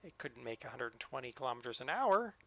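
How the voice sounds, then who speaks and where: A man's voice: mid-range voice, very animated, quick pace, creaky, sharp tone. A man streaming a train simulator live, joking and chatting to the game as he drives. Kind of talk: live-stream gameplay commentary.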